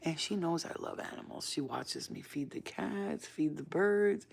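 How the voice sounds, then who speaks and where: A woman's voice: low-pitched, measured pace, creaky, in a whisper. A woman vlogger chatting casually to her viewers, rambling in slang and sliding into baby talk with her dog. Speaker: spiritual vlogger. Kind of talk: casual chat to camera.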